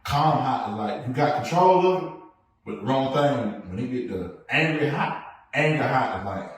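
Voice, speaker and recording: A man in casual podcast chat, telling his story in animated bursts and quiet asides. His voice sits in the middle range. The sound comes from a very echoey room, with the mic some way off. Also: moderate pace, recorded from a distance. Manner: animated storytelling, swings between loud bursts and low asides. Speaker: podcast co-host.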